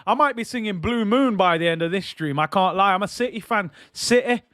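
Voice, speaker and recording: A man's voice: high-pitched, animated, brisk, fairly bright tone, no room sound, clean studio sound, voice pushed up. A man putting on a Manchester accent as a boisterous, chanting City fan. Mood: gleeful. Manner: chanting, exaggerated, playful.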